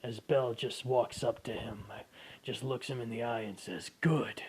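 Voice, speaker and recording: A man's voice: medium pitch, steady tone, normal speed, darkish tone, husky. A man narrating an improvised fan story casually, with restarts and asides.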